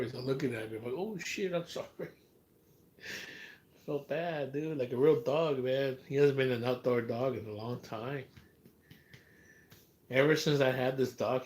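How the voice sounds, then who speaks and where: A man's voice: mid-range voice, a little mellow. A man chatting casually to viewers on a livestream from his home, rambling and swearing often. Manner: rambling, profane, talks to chat. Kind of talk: casual live-stream chat.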